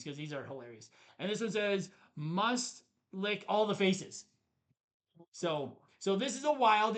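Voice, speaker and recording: Chatty and amused, a man co-hosting a board game review holds up the cards and chuckles at the puns in a casual show-and-tell style. His voice is high-pitched with a fairly bright tone.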